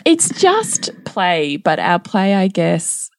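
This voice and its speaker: A middle-aged woman talks casually on a parenting podcast, often breaking into laughter mid-story. Her voice sits on the low side but moves through a wide, lively range. The sound is close and dry. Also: slow, no echo. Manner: laughs often while telling anecdotes. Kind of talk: casual chat.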